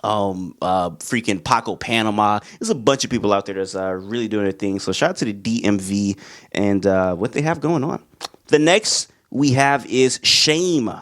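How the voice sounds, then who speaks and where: A young man talks through his favorite albums in a loose, slangy, excitable way. His pitch sits in the middle for a man, and he breaks into bits of song when a track excites him. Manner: loose and excitable, slangy, sings along to songs. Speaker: music reviewer. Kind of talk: casual album review talk.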